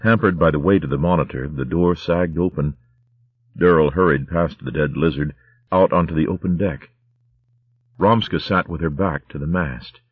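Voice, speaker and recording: Deep husky male audiobook narrator. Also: no echo, phone-quality sound. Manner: steady, measured reading.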